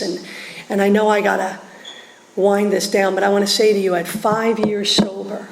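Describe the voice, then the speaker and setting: A woman's voice: mid-range voice, normal speed, vocal fry. Philly woman telling her story in a hall. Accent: Philadelphia. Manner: animated storyteller, acts out quoted voices, laughs often. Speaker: recovery meeting speaker. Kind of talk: personal testimony to a group. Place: meeting hall. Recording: roomy hall echo, faint background hum.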